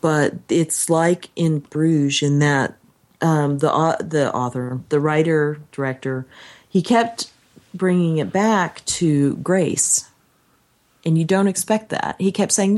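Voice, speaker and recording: Low-voiced woman telling a lively story. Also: takes it slowly. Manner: animated storytelling, acting out quotes. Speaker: podcast co-host. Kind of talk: casual chat.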